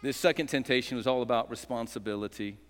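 A man's voice: medium pitch, fast talker, a little hiss or hum. A male pastor preaching a dramatic sermon in a church, leading call-and-response and slipping in jokes. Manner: dramatic, rousing, call-and-response with joking asides. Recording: echoey hall reverb.

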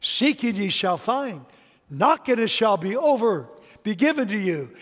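A man preaching a sermon, emphatic, swinging between loud declarations and quiet asides, with humor to his congregation. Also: sits high, sing-song, a little slow. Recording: long reverb of a large hall.

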